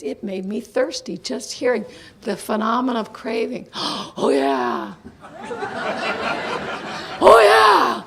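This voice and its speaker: Older woman, high voice, lively storyteller at a recovery meeting, laughs a lot, slips into quiet asides. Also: slight background noise. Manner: animated storytelling, laughing often, dropping to soft asides. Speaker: AA speaker. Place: meeting hall.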